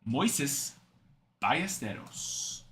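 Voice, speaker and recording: Young male card-break host, bright and animated, rambling chatter between card calls. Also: mid-range voice, extremely slow, a little hiss or hum. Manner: chatty, rambling asides while reading out cards. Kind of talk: live card-break stream chat.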